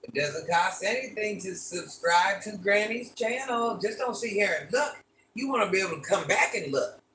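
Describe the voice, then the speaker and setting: A woman's voice: mid-range voice, lively intonation, moderate pace, a bit bright, a little hiss or hum. An older woman hosting a casual live stream, chatting with viewers and repeating requests to like and subscribe. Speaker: livestream host. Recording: echoey room, voice from far off.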